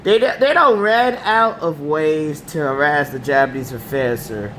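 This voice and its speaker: A man's voice: a little high, unhurried, a bit bright, slight background noise. A man with damaged vocal cords, ranting in a rambling, repetitive, slangy way. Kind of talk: casual rant to camera.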